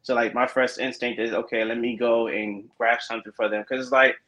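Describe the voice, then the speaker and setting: A man co-hosting a casual podcast chat, telling animated stories with lots of fillers and acted-out quotes. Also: medium pitch, fairly quick, dull audio. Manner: animated storytelling, acting out quoted dialogue, many fillers. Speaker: podcast co-host.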